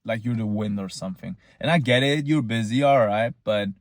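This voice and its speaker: A man's voice: fairly low pitch, a little fast, no echo, clean studio sound. A young man, rambling casually in a boastful, tongue-in-cheek monologue. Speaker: vlogger.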